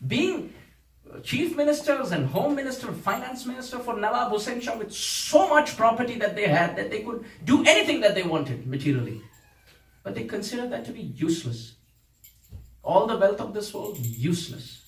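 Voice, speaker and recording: A man's voice: sits high, big pitch swings, moderate pace. A man giving a devotional lecture, telling a saints' story with dramatic, emotional dialogue. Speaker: spiritual teacher. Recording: echoey room, voice from a distance.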